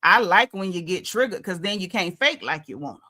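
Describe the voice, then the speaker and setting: Sassy Southern woman with a bright, forceful voice. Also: fairly low pitch, expressive, brisk. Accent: Southern American. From Southern United States. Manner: sassy, emphatic, colloquial. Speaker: show recap host. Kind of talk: casual livestream commentary.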